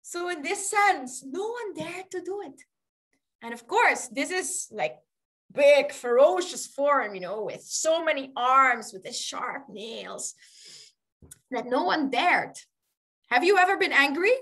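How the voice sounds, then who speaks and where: High-voiced woman telling children a story. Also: takes it slowly. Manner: animated, laughs often, asks the children questions.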